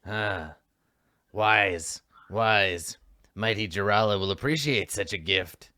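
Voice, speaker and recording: A man's voice: fairly low pitch, takes it slowly, bright, forceful tone, dry recording, clean studio sound, pitched below the performer's own voice. A man voicing a scowling green-faced kobold boss. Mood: commanding. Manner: scowling, commanding, curt. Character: suspicious male kobold leader with a green face.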